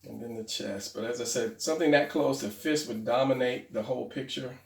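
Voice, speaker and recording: A man with a gravelly, creaky voice explains drawing step by step, thinking aloud and fixing his own slips as he goes. He sounds a little far from the mic, in a roomy space that echoes. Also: mid-range voice, brisk, darkish tone. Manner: rambling, self-correcting, talks to himself while drawing. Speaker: drawing tutorial host. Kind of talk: casual drawing instruction.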